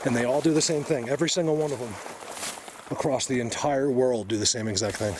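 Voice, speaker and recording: Man, mid-pitch, winded outdoor vlogger, insistent and excited, faint outdoor noise. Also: fast. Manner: excited, insistent, pointing things out. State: out of breath. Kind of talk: outdoor field vlog. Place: hillside forest outdoors.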